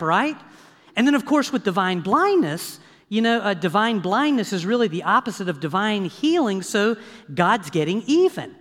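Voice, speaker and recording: A man preaching a sermon as pastor, lively and conversational, checking in with the congregation with frequent asides. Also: sits high. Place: church sanctuary. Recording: long hall reverb.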